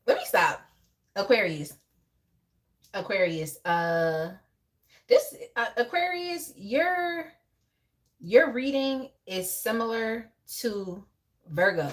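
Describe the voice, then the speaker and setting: A woman's voice: a little high, very animated, slow pace, long pauses. Chatty woman doing a live tarot reading. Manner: chatty, laughs often, talks to chat viewers by name. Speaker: tarot reader on a live stream.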